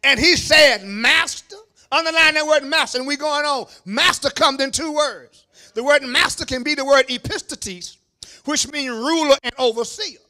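A man preaching a sermon as pastor, shouting at the peaks and dropping into low asides to the congregation, calling on them to answer. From Kentucky, USA. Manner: call-and-response preaching, calls on the congregation. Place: church sanctuary.

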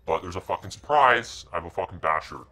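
A man's voice: low-pitched, lively intonation, quick pace. Profane man barking orders in a game. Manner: profane, shouting orders at teammates; muttered asides to stream viewers. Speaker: game streamer. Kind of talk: live gameplay commentary.

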